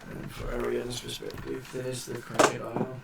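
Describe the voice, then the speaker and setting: A man acting as game master in a tabletop session, halting often with ums and uhs as he explains the rules. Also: medium pitch, completely flat delivery, creaky, heavy background noise.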